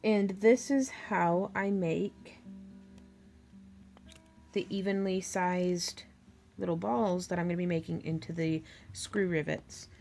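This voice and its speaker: A woman's voice: lowish voice, steady tone, takes it slowly, gravelly, long pauses, a little mellow, faint music behind. A woman hosting a crafting tutorial, chatting casually and thinking aloud as she works. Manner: chatty, thinking aloud, with fillers and little laughs.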